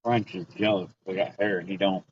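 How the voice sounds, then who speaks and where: A man's voice: sits low, steady tone, fairly quick, breathy edge. A man on a fishing boat, chatting and teasing his live-stream viewers in a joking, offhand way. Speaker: fishing vlogger reading live chat. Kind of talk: casual live-stream chat. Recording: dull lo-fi sound.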